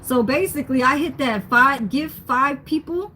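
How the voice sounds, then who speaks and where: A chatty young woman hosts a cooking livestream from her home kitchen, reading comments out loud and laughing often. Her voice sits a little high, and a faint hiss runs under it. She talks into a phone set up on a stand. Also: normal speed, hardly any pauses. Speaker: livestream host. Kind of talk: casual livestream chat while cooking.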